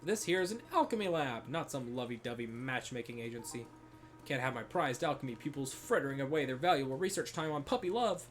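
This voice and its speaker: A man voicing an eccentric old male professor who loves explosions, talking in a booming, gleeful, theatrical way, sounding distant with faint music behind. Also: expressive, fairly quick, close to an everyday voice. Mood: pompous.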